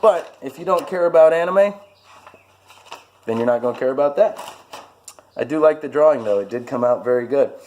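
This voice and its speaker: A man's voice: mid-range voice, animated, brisk, pauses often, darkish tone, a little hiss or hum. A man talking casually to camera about his hobbies, rambling and self-mocking, with many fillers. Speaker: vlogger showing his hobbies.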